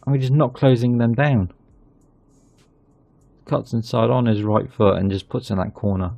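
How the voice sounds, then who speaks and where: A man hosting his gaming channel, chatting casually through a football management game and getting excited at goals. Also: mid-range voice, normal speed, vocal fry, no echo.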